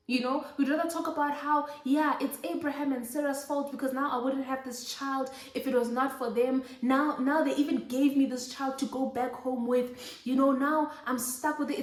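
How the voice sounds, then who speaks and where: A woman's voice: high voice, reverberant. A young woman preaching a Bible lesson to mothers, urging and repeating her points emphatically. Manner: exhorting, repetitive emphatic preaching. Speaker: host of a Christian motherhood show.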